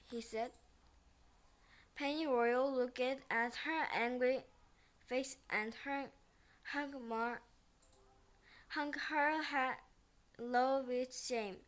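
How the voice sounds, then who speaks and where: A woman reading a children's picture book aloud, slow and halting, often restarting words. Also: sits high, fairly bright tone. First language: Korean.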